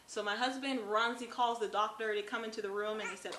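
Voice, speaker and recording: A young woman, a new mother, earnestly recounting her story in halting casual speech with many fillers. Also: a little high, steady tone. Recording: echoey room with faint noise.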